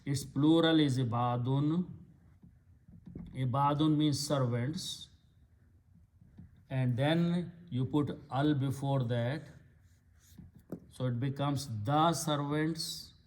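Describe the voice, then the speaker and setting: A man's voice: mid-range voice, takes it slowly, long pauses, a little mellow, a little hiss or hum. A man giving a patient, step-by-step lecture on Arabic grammar and vocabulary. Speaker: Quran Arabic teacher. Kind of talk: slow explanatory lecture.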